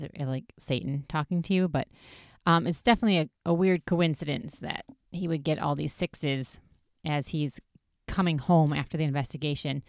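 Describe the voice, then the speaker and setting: A woman's voice: sits low, no echo, clean studio sound. A woman casually recapping a TV episode in a chatty way, with lots of fillers. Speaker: podcast host recapping a TV episode. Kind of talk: casual chat.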